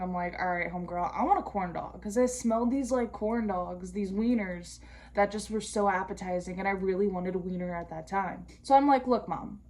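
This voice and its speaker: Slangy young woman telling a storytime. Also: mid-range voice. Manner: slangy and profane, with comic asides. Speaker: vlogger. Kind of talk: casual storytime while doing skincare.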